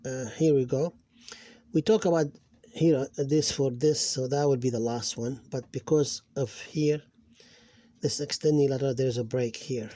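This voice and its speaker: A man's voice: mid-range voice, steady tone, measured pace, warm tone, no echo. A man teaching an Arabic phonics lesson, sounding out syllables one at a time with patient explanations. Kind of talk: slow reading lesson.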